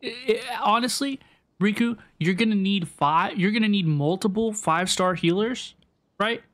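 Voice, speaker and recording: A young man streaming a game chats casually with his chat, his voice sitting high and a bit bright at normal speed. His live commentary is rambling, chatty and repetitive.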